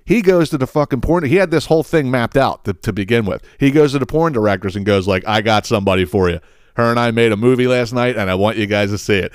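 A man hosting his own podcast, telling a story in a casual, profane and animated way, acting out the quotes. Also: mid-range voice, fast, clean tone, dry recording, studio quality. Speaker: podcast host.

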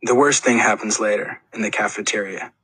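A man's voice: fairly low pitch, fairly quick, bright, forceful tone, slightly rough, no echo, rough recording. A man reading a first-person audiobook in an earnest, plain storytelling manner. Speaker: audiobook narrator.

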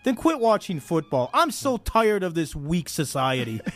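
A sports talk co-host ranting in a blunt, exasperated way during a heated debate. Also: male voice, a little high, sing-song, normal speed.

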